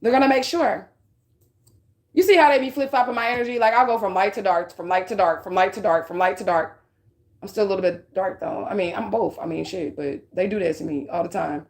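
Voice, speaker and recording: In a brisk, creaky, mid-range voice, a woman working as a psychic reader offers a casual spiritual reading. Her speech is frank and full of swearing, punctuated again and again by "okay?" to her audience.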